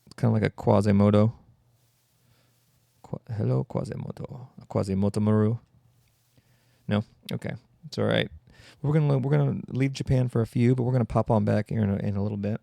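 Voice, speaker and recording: A man's voice: on the low side, steady tone, quick pace, gravelly, warm tone, no room sound. A man hosting a solo comedy podcast, rambling and mocking in a sarcastic tone. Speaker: podcast host.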